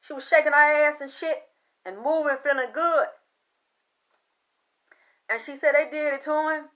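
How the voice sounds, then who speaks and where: A woman telling a story in a loud, profane, excitable monologue, acting out the voices she quotes. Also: high voice, normal speed, muffled recording. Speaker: spiritual commentator.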